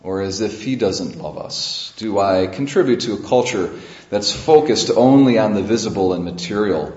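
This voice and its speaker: Priest, low voice, preaching a sermon, storytelling with emphatic build-ups, echoey church sound. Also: male voice, darkish tone. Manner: storytelling with rising emphasis and pauses. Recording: echoey, dull church recording.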